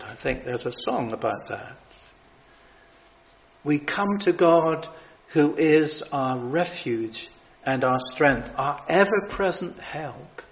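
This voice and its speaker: A man preaching a sermon, reading scripture with emphatic, measured delivery and dramatic pauses. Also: on the high side, gravelly. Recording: dull lo-fi sound.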